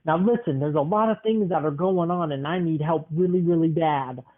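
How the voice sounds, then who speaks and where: A man's voice: a little high, moderate pace, natural voice. A young man voicing a desperate adult male stranger who pushes and pleads for help, in a story he is making up. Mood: pleading. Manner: insistent, pushy, then pleading. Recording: tinny phone-like sound.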